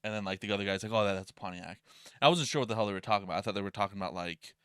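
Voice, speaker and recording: A man's voice: on the low side, racing, a bit bright, clear, resonant tone, dry recording, studio quality. A man co-hosting a podcast in casual chat, telling a rambling story full of fillers and curse words. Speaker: podcast co-host.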